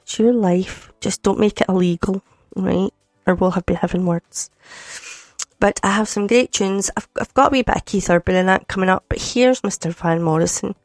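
Speaking at a medium pitch and moderate pace, this Scottish woman chats casually on her Sunday radio programme, sounding slightly groggy. Her manner is jokey and warm, full of teasing asides. There's no room sound; the studio microphone captures a dry signal with faint music behind her.

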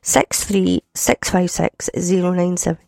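A woman's voice: on the low side, little pitch movement, measured pace, creaky, no room sound. Chatty Scottish woman radio presenter. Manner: chatty, jokey, warm teasing asides. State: a bit groggy. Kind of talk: casual radio chat. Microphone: studio microphone. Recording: dry studio sound with faint music.

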